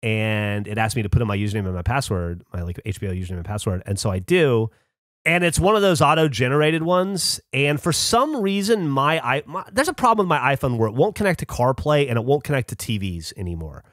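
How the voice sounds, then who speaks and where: A man's voice: medium pitch, lively intonation, fairly quick, a bit bright, no echo, studio quality. A man on a podcast telling a rambling, swear-filled story about his own mistakes in a casual chat. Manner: swears a lot, ranting storyteller. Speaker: podcast co-host. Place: podcast studio.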